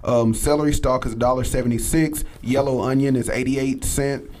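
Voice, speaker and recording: A man's voice: medium pitch, normal speed, slight background noise. A man as a guest cook on a talk show, casually listing ingredients and prices with plenty of ums. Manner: relaxed, lists items and prices with fillers. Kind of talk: casual radio chat, recipe rundown.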